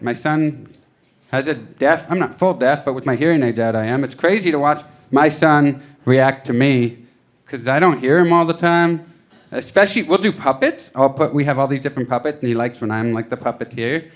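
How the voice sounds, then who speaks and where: A man's voice: a little high, normal speed. A man in his thirties performing stand-up comedy in a casual, self-deprecating way, acting out voices as he tells stories. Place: comedy club stage.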